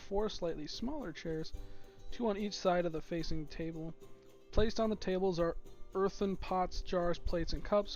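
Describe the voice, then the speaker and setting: A man's voice: high-pitched, darkish tone. A man running a tabletop game as game master, narrating scenes in descriptive detail. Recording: dull lo-fi recording, faint music.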